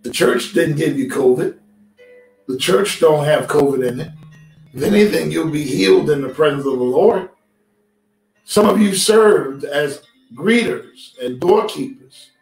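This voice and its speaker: Speaking from the church sanctuary, this pastor has a fairly high, gravelly voice with a touch of mellowness and keeps a measured pace. His streamed sermon is conversational, and he calls on the congregation to respond. The sound is distant and roomy, with music faintly in the background.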